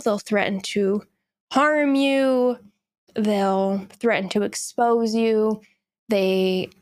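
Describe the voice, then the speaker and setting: A woman's voice: a little high, no room sound, clean studio sound. A young woman hosting a solo podcast, speaking candidly and bluntly, and heated when she scolds. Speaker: podcast host.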